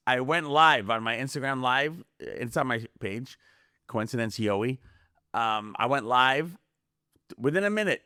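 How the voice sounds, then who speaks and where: Man, podcast guest, rambling and animated, mid pitch, close dry mic. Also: measured pace, no room sound. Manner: rambling, animated, acts out quoted voices. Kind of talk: casual conspiracy podcast chat.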